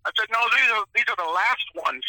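A man chatting on a podcast, telling animated stories about his seafood side business. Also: high-pitched, a little fast, no echo, rough recording. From moved to New Orleans area in 2000. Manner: animated storyteller, chatty and enthusiastic. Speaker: guest, seafood business owner. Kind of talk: casual podcast storytelling.

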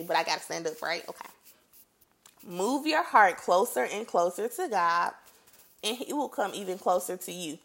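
A woman giving a casual Bible teaching. She reads scripture aloud and comments on it in a lively, conversational way. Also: fairly low pitch. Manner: animated and conversational, reads scripture then reacts playfully.

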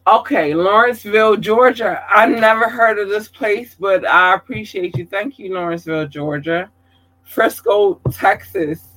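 A man giving casual livestream shout-outs to viewers, effusive and affectionate, calling them babies and swearing casually. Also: sits high, moderate pace, poor audio.

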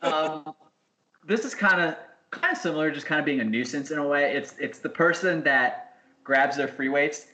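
A man's voice: a little high, moderate pace, pushed and bright. A man co-hosting a casual podcast, laughing often and acting out gym scenes. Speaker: podcast co-host. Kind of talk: casual chat. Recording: roomy with faint background noise.

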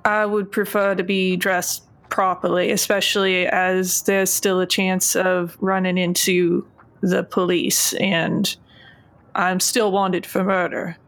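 A woman's voice: on the low side, little pitch movement, takes it slowly, a bit bright, no room sound. A woman voicing a proud, wounded young woman who speaks formally and properly.

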